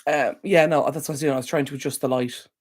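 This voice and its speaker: In a home room near a window, an Irish woman with a very deep voice and steady tone hosts a casual live stream. She speaks fast, chatting to viewers by name and filling gaps with ums.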